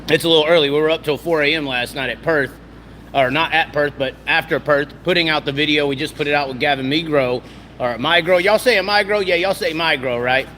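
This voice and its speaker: Just woken up and clearing his throat, a man from the American South gives rambling, casual racing commentary with a Southern US accent, repeating himself and using folksy slang. His voice is fairly high-pitched and sharp, a little fast, with a little hiss or hum.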